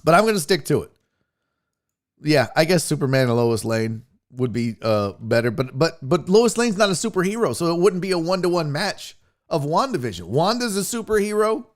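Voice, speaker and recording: A man's voice: a little high, moderate pace. A man hosting his own sports podcast from home, rambling and swearing in a loose chat to his live audience. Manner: rambling, profane, animated, acts out silly voices. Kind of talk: casual live-stream chat. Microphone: podcast mixer setup.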